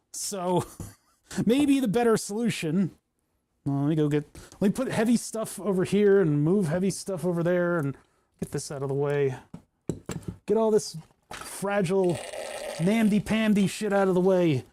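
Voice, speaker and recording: A man's voice: on the high side, a little mellow. A man chatting casually in his home workshop as he works out a build, thinking aloud with joking asides. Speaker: hobbyist maker.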